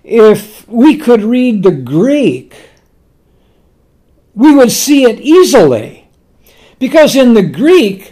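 A man preaching a sermon, teaching slowly and deliberately with emphatic pauses. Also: sits high, a little mellow.

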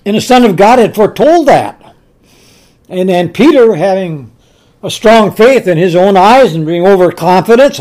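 A man preaching a sermon, telling scripture stories slowly and emphatically, often repeating his words. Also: sits high, expressive, a little mellow. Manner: earnest storytelling, slow and emphatic, with repeated words.

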